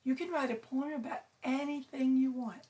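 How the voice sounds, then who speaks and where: A woman teacher reading a picture book aloud to her students, slow and clear, stressing each syllable. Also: high-pitched, fairly even intonation, warm tone.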